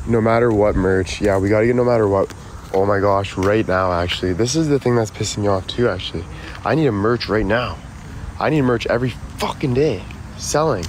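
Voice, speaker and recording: Male streamer, low voice, rambling and profane, recorded on a phone outside with loud street noise. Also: brisk, rough recording. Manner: profane, excitable, talks to chat. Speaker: livestreamer. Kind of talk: casual live stream chat. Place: outdoors near a road.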